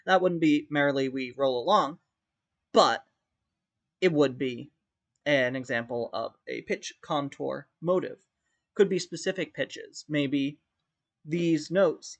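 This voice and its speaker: A man's voice: fairly high pitch, slow pace, pauses often. A male music theory teacher explaining step by step in a recorded lesson, often demonstrating rhythms by humming them on "da". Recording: dull lo-fi recording.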